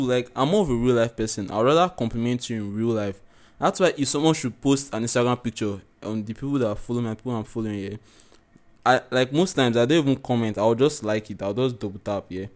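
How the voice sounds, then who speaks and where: A man's voice: mid-range voice, brisk. A man co-hosting a podcast, talking in a laid-back, slangy, plain-spoken way. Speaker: podcast co-host. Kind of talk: casual podcast chat.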